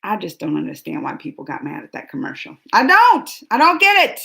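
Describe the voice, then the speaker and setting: A woman hosting a casual reaction discussion, talking in an animated, rambling and emphatic way with the people in the room. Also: mid-range voice, brisk, gravelly. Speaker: reaction show host.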